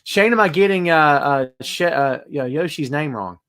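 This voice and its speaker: A man's voice: on the high side, normal speed, a bit bright. Chatty man hosting a podcast. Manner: chatty, greets viewers by name, calls them brother. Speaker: podcast host. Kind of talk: casual live-stream chat. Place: home room with bass amp.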